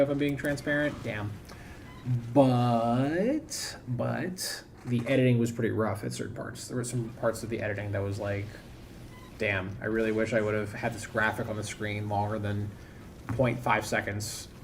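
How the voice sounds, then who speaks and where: A man's voice: medium pitch, a little mellow, slight background noise. A young man casually chatting while he plays a game on stream, rambling and self-critical, often trailing off. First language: English. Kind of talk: casual commentary while gaming.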